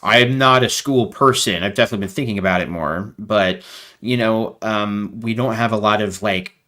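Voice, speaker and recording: A man talking as a guest in a casual interview over a video call, animated and rambling with lots of fillers. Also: fairly low pitch, moderate pace.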